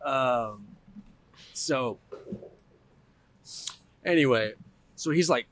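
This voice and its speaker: A man's voice: mid-range voice, big pitch swings, normal speed, pauses often, a bit bright. A man co-hosting a podcast, telling a story in casual chat, acting out the people in it and laughing often. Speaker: podcast co-host.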